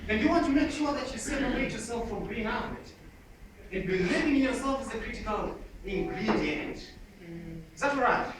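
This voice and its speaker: A man, coaching an audience on public speaking in a lively seminar style and calling out to the crowd. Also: extremely high pitch, brisk. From Zimbabwe. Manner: energetic, calls out to the audience. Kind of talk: motivational seminar talk. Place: large hall with an audience. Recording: echoey hall from far off, audience noise.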